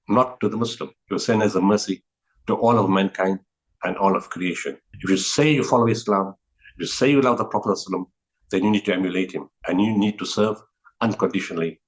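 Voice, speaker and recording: A man with a somewhat low voice speaks as an interview guest. He talks earnestly and steadily, often restarting phrases and repeating words as he recounts a teaching. His delivery stays sincere throughout. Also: rough recording. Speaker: guest, humanitarian relief founder.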